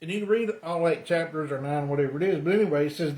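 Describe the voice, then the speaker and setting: A man's voice: fairly high pitch, quick pace, a little mellow. A man preaching a sermon, telling the story in a loose conversational way with lots of ums and uhs. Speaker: pastor. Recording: roomy echo.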